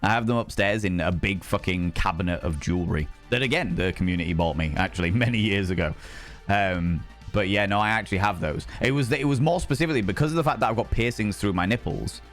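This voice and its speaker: A man's voice: deep voice, fast talker, fairly bright tone, soft background music. A man with a Yorkshire accent chatting casually and swearing often on a live stream, laughing easily.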